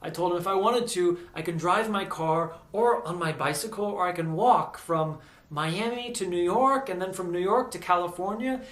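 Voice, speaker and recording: An American man telling a personal story in a casual, animated way, acting out the voices of the people he quotes. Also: sits high, normal speed. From United States. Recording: echoey room.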